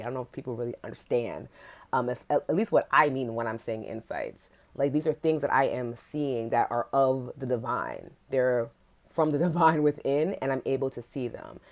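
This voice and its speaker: Woman, podcast host, very low voice, candid, chatty, casual swearing, loose livestream talk. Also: darkish tone.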